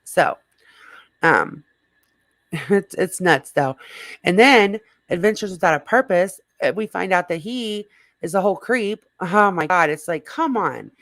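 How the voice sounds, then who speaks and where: Hoarse woman rambling on a livestream, kinda low voice, dry close sound. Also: a little slow, pauses often, fairly bright tone, no room sound. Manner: rambling, greets chat viewers by name. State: slightly hoarse. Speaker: livestream host. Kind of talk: casual livestream chat.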